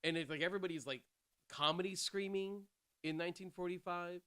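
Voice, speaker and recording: Podcast co-host, male, higher-pitched, bright voice, self-deprecating rambler who laughs a lot. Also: steady tone, fairly quick, clear, resonant tone. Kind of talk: casual film chat.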